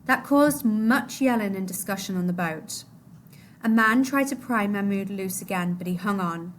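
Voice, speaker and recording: A woman reading a novel aloud to a class, expressive, her voice dropping low and soft at the sad moments. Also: normal speed, a little hiss or hum.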